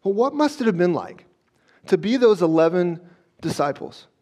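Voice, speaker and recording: A man's voice: high voice, sing-song, moderate pace, darkish tone. A male pastor giving a conversational sermon, often checking in with "okay?" and acting out scenes as he goes. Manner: conversational, frequent "okay?" check-ins and restarts.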